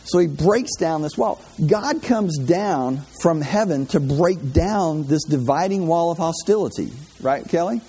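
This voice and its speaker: Slightly high and warm with a touch of roughness, this man's voice is expressive and unhurried, with few pauses. He teaches a Bible class as a casual, informal sermon, speaking conversationally. He repeats words, restarts phrases, and poses questions to his listeners.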